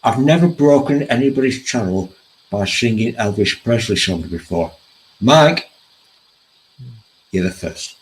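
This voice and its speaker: Low-voiced jokey male talk-show host. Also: animated, measured pace, long pauses, poor audio. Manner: jokey, laughs often. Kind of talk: casual political chat.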